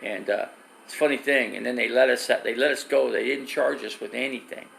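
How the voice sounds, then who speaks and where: A man's voice: medium pitch, fairly even intonation, brisk, creaky, a bit bright, slight background noise, poor audio. A middle-aged man live streaming from his phone, rambling through stories and reading viewer comments. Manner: rambling storyteller with restarts, reads viewer comments.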